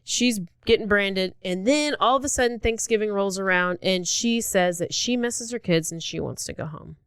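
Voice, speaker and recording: A woman co-hosts a casual true-crime chat, recounting events in lively bursts. Her voice sits in a middle pitch. She is recorded dry and close, with no room sound. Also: moderate pace, clear, resonant tone, dry recording. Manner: animated storyteller, acting out quotes with jumps in pitch. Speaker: podcast co-host.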